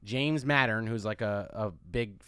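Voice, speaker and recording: Bright-voiced young comedian telling a story. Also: male voice, on the low side, unhurried, clear, resonant tone, no room sound, studio quality. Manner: animated, rambling, many restarts and fillers. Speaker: comedian and podcast host.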